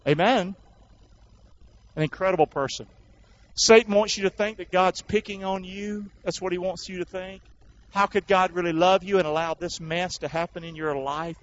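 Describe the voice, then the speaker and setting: A male preacher delivering a sermon, calling on the congregation to repeat after him and rising to loud recitation. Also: on the high side, fairly quick, dull audio. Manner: call-and-response preaching, builds to loud recitation.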